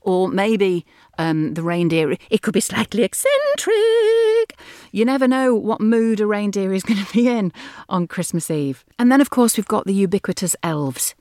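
A woman's voice: mid-range voice, lively intonation, moderate pace, mellow, dry recording, studio quality. Chatty woman voice actor. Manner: chatty, laughing. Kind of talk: demo of character voices.

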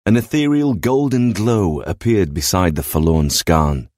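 Deep-voiced man narrating a story. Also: a little slow, few pauses, no echo, clean studio sound. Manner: steady, descriptive reading.

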